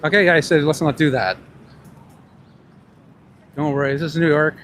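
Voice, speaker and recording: Man, street interviewer, slightly high voice, calls out to passersby, outdoors by busy traffic, faint background noise. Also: fairly even intonation, normal speed, a bit bright. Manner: calling out questions to passersby. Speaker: street interviewer and animal rights activist. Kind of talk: street vox-pop vlog.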